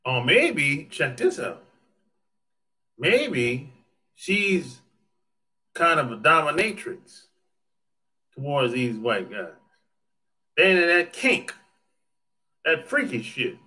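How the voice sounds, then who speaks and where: Slow-talking, lively high-voiced man. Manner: loose, joking, swears freely, laughs often. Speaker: livestreamer reading viewer comments. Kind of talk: casual chat.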